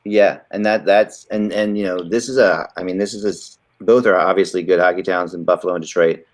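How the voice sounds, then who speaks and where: A man's voice: low-pitched, fairly even intonation, fairly quick. A man hosting a casual hockey podcast, talking in rambling, restarting sentences. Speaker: podcast host.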